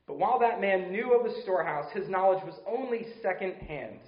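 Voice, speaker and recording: Earnest high-voiced man preaching in a roomy space. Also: expressive, a little fast, few pauses, highs cut off. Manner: earnest, conversational, with restarts and rhetorical questions. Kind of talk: sermon.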